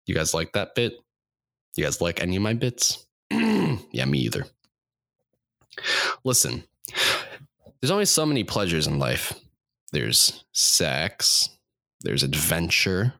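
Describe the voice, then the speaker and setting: A young man with a very low voice rambles through a comedic podcast monologue, deadpan and self-deprecating. His tone is bright and pressed, recorded close and dry with no room around it. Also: slow pace, gravelly, pauses often, dry recording. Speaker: podcast host.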